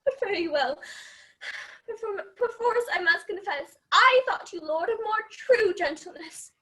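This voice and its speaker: A woman's voice: very high voice, expressive, a little slow, pushed and bright, exaggerated voice. A young woman playing an insecure, lovelorn young woman, delivering verse emotionally and tearfully in an amateur student Shakespeare performance over an online call. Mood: wounded. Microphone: video call.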